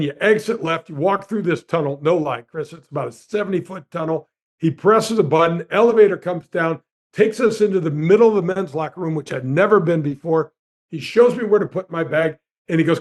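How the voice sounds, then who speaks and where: This high-voiced man in his sixties, a guest and ex-tour golf pro, tells lively stories with wide swings in pitch. He keeps addressing the host by name as he recounts his anecdotes.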